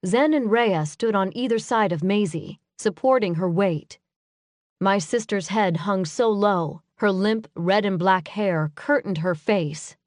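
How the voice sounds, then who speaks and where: Woman reading an audiobook, mid voice, dry close mic, steady and earnest. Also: mid-range voice, a little slow, dry recording. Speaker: audiobook narrator. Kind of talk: scripted first-person narration.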